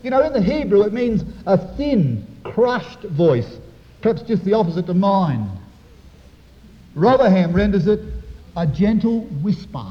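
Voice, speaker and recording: A man preaching a sermon to his congregation, with dramatic, swelling emphasis and slow, drawn-out phrases. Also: sits high. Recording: dull echoey hall recording.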